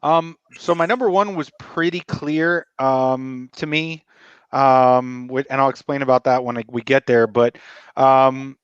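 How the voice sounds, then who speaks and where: A man's voice: medium pitch, steady tone, measured pace, clear, resonant tone, no echo. A man co-hosting a casual podcast who hesitates a lot and cracks jokes. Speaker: podcast co-host. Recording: slightly dull sound.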